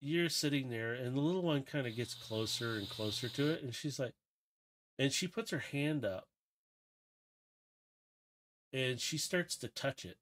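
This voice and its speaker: A man running a tabletop game as game master, narrating scenes in a relaxed, loose, descriptive way. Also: mid-range voice, unhurried, pauses often, a little hiss or hum.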